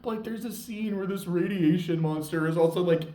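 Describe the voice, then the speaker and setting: A man's voice: sits high, a little fast, dark tone. A young man rambles through a casual show review, tossing in fillers and laughter. His voice sits a touch above the middle, and he is picked up from a distance in an echoey room. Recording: roomy echo, mic at a distance.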